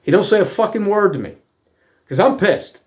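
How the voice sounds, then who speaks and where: A middle-aged man tells a story as a heated, profane rant, swearing in nearly every sentence with blunt working-class bluntness. His voice sits high and swings widely in pitch as his temper rises and falls. The talk is rough and direct, never polished. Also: animated, normal speed, darkish tone. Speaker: vlogger telling personal stories.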